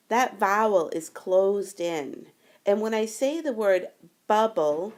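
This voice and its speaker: A woman talks through a phonics screencast lesson at an unhurried pace. She explains each step carefully, in a voice that sits at a middle pitch. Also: a little mellow. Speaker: teacher.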